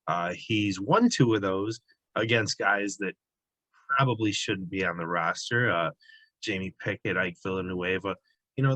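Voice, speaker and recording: A man's voice: fairly low pitch, a bit bright, no room sound, low-quality recording. A man giving sports betting analysis in a casual, conversational way, with frequent fillers and restarts.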